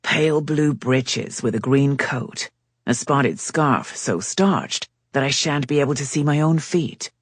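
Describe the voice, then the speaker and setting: A woman reading a curt, forbidding gentleman. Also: rumbling low, measured pace, slightly rough, no room sound, clean studio sound, exaggerated voice. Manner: curt, clipped. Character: gruff, forbidding American gentleman, irritated. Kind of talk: audiobook character reading.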